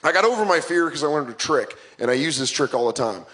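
A man's voice: a little high, animated, fast, a bit bright. A young man in his twenties performing a stand-up comedy set, self-mocking and punchy.

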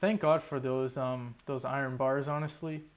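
Commentating over his own gameplay, a young gaming YouTuber swears a lot and talks to himself in exasperation. He has a mid-range voice with a steady tone and normal speed.

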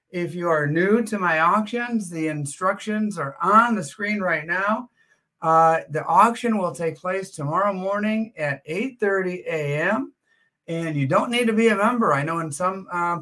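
A man hosting a live auction stream from home, chatting casually with plenty of "uh" fillers. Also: high voice. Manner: chatty, relaxed, frequent "uh" fillers. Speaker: livestream auction host. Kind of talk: casual livestream chat.

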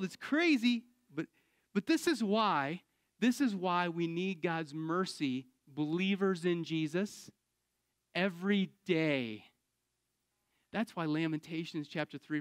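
A pastor preaching a sermon in an emphatic, animated way, with sudden exclamations. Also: male voice, sits high, smooth, no echo, clean studio sound. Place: church.

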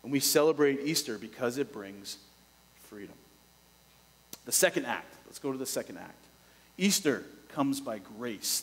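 A male pastor preaching a sermon, dropping to a hush and then rising with urgency. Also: medium pitch, long reverb tail, poor audio. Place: church.

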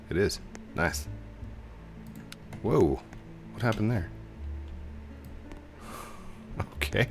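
Deep gravelly man playing a game. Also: expressive, takes it slowly, pauses often, music in the background. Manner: playful, silly sound effects and sudden high yelps. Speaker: gaming YouTuber. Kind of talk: casual let's-play commentary.

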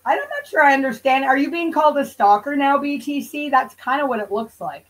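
Woman ranting on her stream, mid-high voice, sarcastic, swears a lot, rambles. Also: sing-song, brisk, poor audio. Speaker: channel host. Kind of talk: casual commentary livestream.

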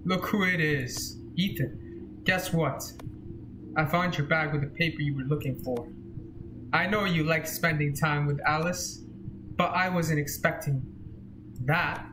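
A man reading the lines of a taunting schoolmate in a horror game, slow and flat. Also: fairly high pitch, noisy background, lightly acted.

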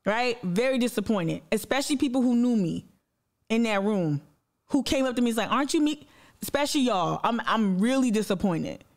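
A woman with a slightly high, lively voice talks briskly as she hosts a livestream. Speaking straight to her viewers, she delivers a blunt, impassioned monologue packed with profanity and repetition, and reads their comments aloud.

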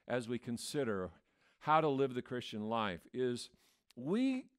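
A man's voice: mid-range voice, very animated, a little slow, clear, resonant tone. A man preaching a sermon as pastor, in a conversational way that acts out the voices he quotes. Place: church.

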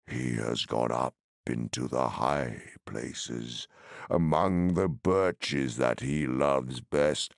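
Treebeard, a man rumbling as a slow ancient tree giant. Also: dry recording, clean studio sound, full character voice. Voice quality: deep creaky rumble. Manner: slow, ponderous, sorrowful. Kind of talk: audiobook reading.

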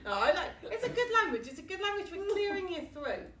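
A woman's voice: extremely high pitch, very animated, fast, over a noisy crowd. A British woman with a British accent giving a comic, self-mocking talk to a live audience, laughing often. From Britain. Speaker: book launch speaker. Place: room with a small live audience. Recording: echoey room from far off.

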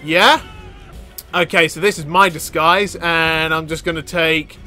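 Excitable high-voiced gaming man. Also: a little slow, soft background music. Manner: excitable, yelps and cackles at the game. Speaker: gaming YouTuber. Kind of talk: let's play commentary.

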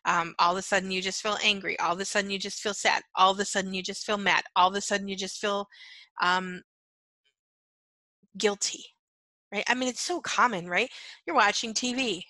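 A woman with a bright, gravelly voice talks her listeners through a lesson on empathy. She is earnest and repeats her key phrases, checking in with "right?" and "okay". The sound is dry and close. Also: medium pitch, steady tone, fairly quick, dry recording, poor audio. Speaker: empath coach. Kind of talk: teaching monologue.

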